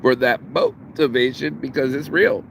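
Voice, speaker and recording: A man's voice: medium pitch, normal speed, vocal fry. Slangy motivational man outside by traffic. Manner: slangy, profane, repeats words when excited. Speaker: motivational vlogger. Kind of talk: casual motivational monologue.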